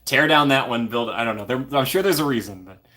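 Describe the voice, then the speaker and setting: A man's voice: medium pitch, expressive, quick pace, bright, forceful tone. A young man from Minnesota hosting a casual live stream, chatting and answering viewer comments by name. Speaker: livestream host.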